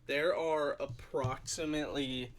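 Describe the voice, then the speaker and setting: A man's voice: fairly high pitch, fairly even intonation, a little slow. A man co-hosting a stream, chatting casually in a laid-back way, full of bro and like. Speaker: co-host. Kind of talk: casual chat.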